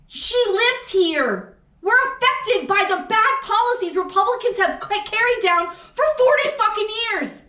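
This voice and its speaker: A woman co-host vents in an angry, profane political rant, firing off question after question. Her voice sits very high. The room around her rings with echo. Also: animated, measured pace, sharp tone. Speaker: podcast co-host. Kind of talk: heated political chat. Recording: echoey room.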